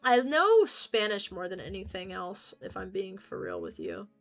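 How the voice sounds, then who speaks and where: A young American woman talks at a middle pitch, rambling loosely from one thought to the next. She swears freely and jokes at her own expense in a casual livestream chat. Faint game music plays quietly behind her. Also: lively intonation, normal speed, creaky.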